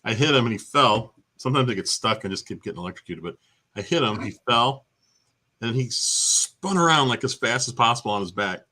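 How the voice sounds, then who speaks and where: A man's voice: medium pitch, expressive, brisk, sharp tone. A man co-hosting a casual gaming chat show, telling stories and laughing often.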